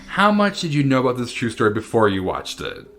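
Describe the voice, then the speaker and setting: A man's voice: medium pitch, very animated, brisk, fairly bright tone, faint music behind. A man co-hosting a casual movie review podcast, teasing his co-host and laughing often.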